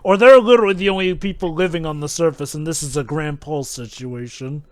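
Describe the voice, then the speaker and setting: A man's voice: on the high side, fairly quick. A man musing and speculating during casual movie commentary.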